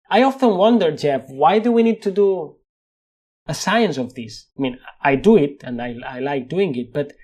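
Appearing as an interview guest, this Spanish neuroscientist, a middle-aged man with a fairly high voice, talks thoughtfully yet animatedly, frequently starting sentences over and chuckling at himself.

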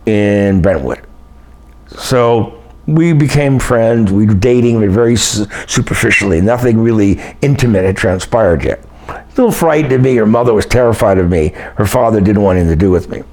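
Older male guest, lowish voice, lively storyteller who acts out quotes. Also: normal speed. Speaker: guest telling personal stories. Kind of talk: casual storytelling.

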